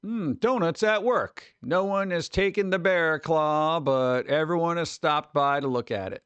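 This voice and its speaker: A man's voice: on the high side, measured pace, a bit bright, clear, resonant tone, dry recording, lo-fi sound. A man from New York streaming casually, reacting to chat with sarcastic, mumbled asides.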